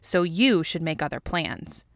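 A smug man, an arrogant agent, speaks in a lowish voice, read by a woman without changing it much. He sounds cocky and defiant. The sound is close and dry. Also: very animated, a little slow, no echo, heavily acted.

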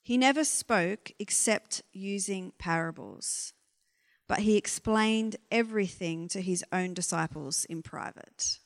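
A woman's voice: medium pitch, measured pace. A woman giving an informal sermon, candid and conversational, asking frank exasperated questions. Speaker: preacher. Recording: long reverb of a hall.

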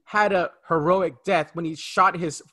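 A man's voice: sits high, fairly even intonation, a little slow, bright, forceful tone. A man co-hosting a casual film review podcast, emphatic and ranting in friendly chat. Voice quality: married.

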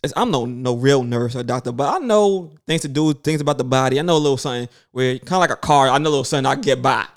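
A man in his thirties telling a story in casual chat, animated and swearing freely, acting out other people's lines. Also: mid-range voice, rapid-fire, hardly any pauses. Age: 30s.

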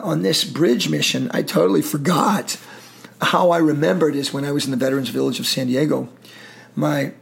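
A man's voice: on the high side, gravelly. A middle-aged man telling war stories in an interview, intense, emotional and profane. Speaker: guest, military veteran. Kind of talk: storytelling interview.

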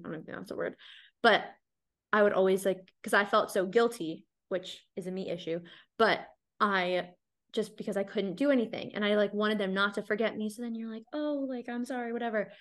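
A woman hosting a casual podcast conversation. She talks openly and chattily, with "like" scattered through her sentences, in an average-pitched voice. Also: a bit bright. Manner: chatty, candid, heavy use of "like". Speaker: podcast host.

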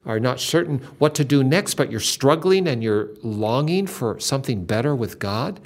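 An older man hosting a Christian podcast earnestly retells a story, giving it dramatic emphasis. His medium-pitched voice is animated and moves at a moderate pace.

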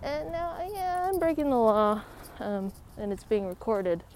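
A woman around thirty talks slowly and loosely into a phone while walking outdoors in a park. Her voice is mellow and relaxed, her asides are wry and self-mocking, and faint outdoor noise sits behind her. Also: on the high side. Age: 30s. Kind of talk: casual vlog while walking a dog.

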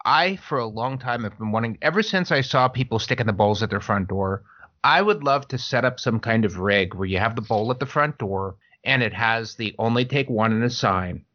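A man's voice: mid-range voice, fairly bright tone. A man in a casual podcast chat, explaining his ideas earnestly. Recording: dull lo-fi sound.

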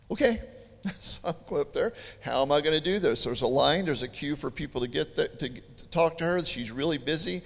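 Gravelly preacher in a reverberant hall. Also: male voice, fairly high pitch, a little fast. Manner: animated, chatty storytelling with joking asides. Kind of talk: storytelling sermon.

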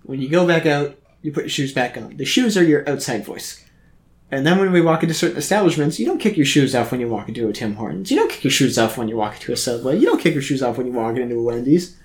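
A man's voice: medium pitch, expressive, fast talker. A man co-hosting a podcast in casual chat, riffing wryly and emphatically with plenty of swearing. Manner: wry, profane, emphatic riffing. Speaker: podcast co-host.

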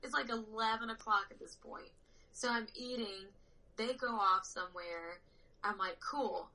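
Young woman, very bright voice, lively storyteller who laughs a lot. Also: medium pitch, normal speed, rough recording. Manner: animated storyteller, laughs often. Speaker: powerlifter guest. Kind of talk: casual chat.

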